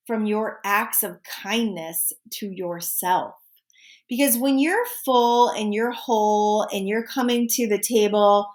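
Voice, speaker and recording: Woman in her forties, solo podcast host and coach, casual and chatty, jumps up high for emphasis. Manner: animated, with sudden high exclamations and asides.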